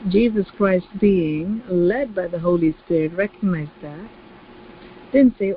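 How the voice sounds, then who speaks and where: A woman's voice: fairly low pitch, measured pace, husky. Woman preacher, sermon delivery, emphatic and repetitive, acts out quoted voices; slightly dull recording.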